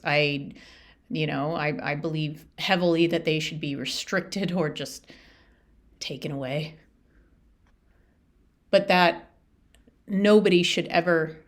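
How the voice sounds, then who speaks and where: A woman hosting her own podcast, talking through a personal story in an earnest, chatty, reflective way with frequent restarts. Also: fairly low pitch. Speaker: podcast host. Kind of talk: casual reflective monologue.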